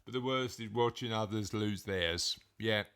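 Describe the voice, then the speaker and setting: A man's voice: lowish voice, unhurried, a bit bright, clean tone. A man hosting a casual podcast with his daughter, reading out listener answers in a jokey, rambling way and laughing at them. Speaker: podcast host; father of co-host.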